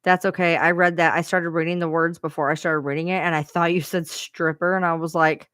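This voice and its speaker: A woman's voice: lowish voice, level tone, a little fast, a bit bright, clear, resonant tone, no echo. Chatty lady streamer rambling a story to her viewers, swears a lot, dry close audio. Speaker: live streamer.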